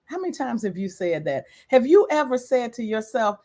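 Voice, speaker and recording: A woman's voice: fairly high pitch, sing-song, normal speed, a little mellow. A woman giving a lecture-style talk on self-care as an educator, repeating key points for emphasis.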